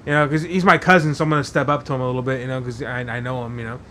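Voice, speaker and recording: A man's voice: medium pitch, fairly even intonation, rapid-fire, bright, forceful tone, a little hiss or hum. A man hosting a podcast, telling a story casually while rambling and swearing heavily, with lots of fillers. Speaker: podcast host.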